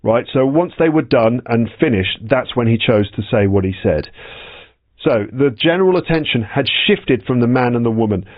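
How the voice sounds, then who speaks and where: A man teaching English, explaining the words of a story slowly and patiently, repeating them as he goes. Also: mid-range voice, lively intonation, dry recording, muffled recording. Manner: slow, patient explanations with repetition.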